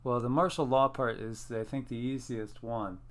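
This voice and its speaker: A man's voice: medium pitch, steady tone, normal speed, dry recording. A man co-hosting a casual online show, chatting easily with viewers and laughing often. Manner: easygoing, laughs often, thinks aloud. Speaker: channel co-host.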